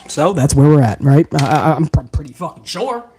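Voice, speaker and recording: Male live-stream host, exasperated and swearing, lively pitch. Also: normal speed. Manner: animated, exasperated, profane. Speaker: wrestling commentary host.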